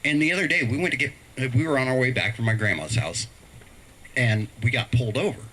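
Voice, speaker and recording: A man's voice: medium pitch, quick pace, rough recording. A middle-aged man telling stand-up stories about his kids on a live stream, acting out voices as he goes. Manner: animated storytelling, acts out voices. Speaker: stand-up comedian.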